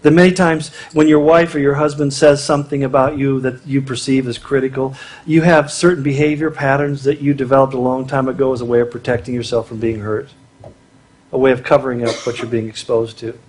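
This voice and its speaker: At a marriage conference, a middle-aged man preaches a funny, chatty sermon and performs short quotes as he goes. His mid-range voice is level and darkish, moving a little fast over slight background noise.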